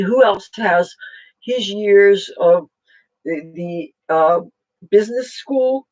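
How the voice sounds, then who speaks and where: A political vlogger talking casually at home in a rambling, halting way with many fillers and restarts. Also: mid-range voice, dull audio.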